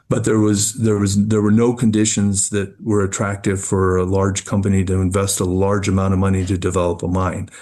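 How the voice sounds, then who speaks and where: A man, a mining company executive, answering interview questions in a measured way, often repeating words as he thinks. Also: on the low side, a little mellow.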